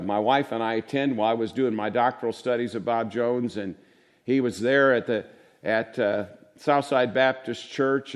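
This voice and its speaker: An older man preaching a sermon to a congregation in a conversational style, sometimes mimicking voices for effect. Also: mid-range voice.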